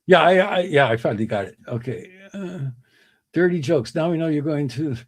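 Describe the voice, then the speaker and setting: A man's voice: lively intonation, normal speed, no room sound. A middle-aged man hosting a livestream, reading comments and telling jokes with a chuckle. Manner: chuckling, acts out joke voices with big pitch swings. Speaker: livestream host.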